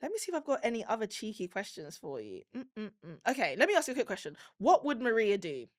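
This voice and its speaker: Lively woman host, dry close sound. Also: medium pitch, fast, no echo. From Colombia. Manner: animated, laughing, rising loud when worked up. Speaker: podcast host. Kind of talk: casual chat.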